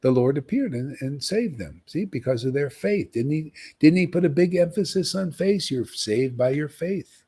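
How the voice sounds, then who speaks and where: A man preaching on a livestream in an emphatic, animated way, often tossing in "man.". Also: fairly high pitch, normal speed, hardly any pauses, breathy edge. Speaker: spiritual teacher.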